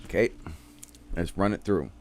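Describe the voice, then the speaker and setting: A man's voice: low-pitched, normal speed, slight background noise. A man streamer recapping a show casually, rambling in slang with heavy swearing.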